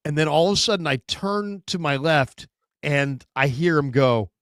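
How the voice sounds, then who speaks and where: A man hosting a sports talk show in casual chat, telling stories with lively acted-out quotes. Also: high-pitched, moderate pace, no room sound, studio quality. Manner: animated storyteller, acts out quotes.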